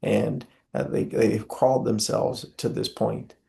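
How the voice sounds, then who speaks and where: Young guy, real gravelly voice, kinda low, talks like a preacher. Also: steady tone, unhurried, dark tone. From Southern US. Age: young adult. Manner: impassioned, preacherly, frequent filler "uh". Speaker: guest. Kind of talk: earnest interview conversation.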